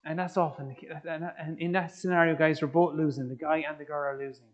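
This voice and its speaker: An Irish man giving a lively, joking faith talk to young people, quizzing the audience as he goes. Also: fairly high pitch, fast talker, dull audio. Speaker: youth speaker.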